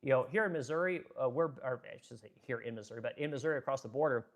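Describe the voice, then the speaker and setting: A man's voice: medium pitch, rapid-fire. A man in a blunt, profane, unscripted commentary rant, reading out viewer comments as he goes. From American Midwest. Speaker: political commentary streamer.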